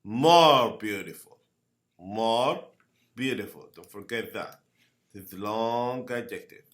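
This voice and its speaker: A man teaching a grammar lesson. He speaks slowly, repeats each word and keeps asking "okay?". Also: fairly low pitch. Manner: slow, repeats words and asks "okay?" often. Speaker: English teacher.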